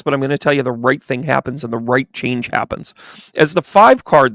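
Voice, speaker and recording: With vocal fry at medium pitch, a man who works as a medium talks through a tarot reading on a livestream. He tells stories with animation, performing the quoted voices, and the sound is dry and studio-clean.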